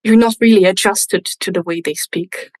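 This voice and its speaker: A woman's voice: medium pitch, moderate pace, no room sound, low-quality recording. A young woman, a native Russian speaker, telling stories in casual conversation as a podcast guest, with many restarts. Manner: chatty, restarts often, lively storytelling. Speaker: podcast guest, English teacher.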